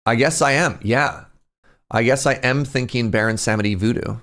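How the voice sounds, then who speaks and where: A man's voice: mid-range voice, moderate pace, a bit bright. A male streamer chatting casually as he reacts to game trailers, laughing often and thinking aloud.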